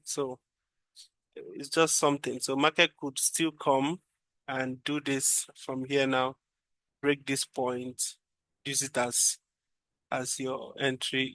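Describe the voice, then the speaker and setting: A man's voice: medium pitch, a bit bright, no room sound. A man casually walking through a trading chart, thinking aloud and repeating phrases as he goes. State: yawning, drowsy. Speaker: trading analyst.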